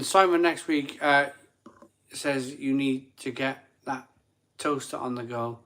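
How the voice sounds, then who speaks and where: A man hosts a live stream, a bit drunk and tired, rambling and repeating himself while he reads viewer super chats in a casual chat. His medium-pitched voice has a sharp tone.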